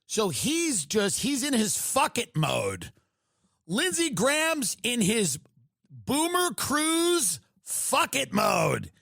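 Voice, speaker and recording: A man hosting a comedy podcast, ranting in an animated, sarcastic and profane way. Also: very high-pitched, slow pace, gravelly, no echo, clean studio sound. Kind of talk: comedic rant.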